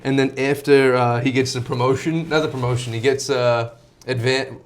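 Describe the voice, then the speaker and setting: A young man hosting a casual movie chat, talking fast with lots of restarts and laughs. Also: medium pitch, little pitch movement. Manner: chatty, laughing, many restarts. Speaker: host.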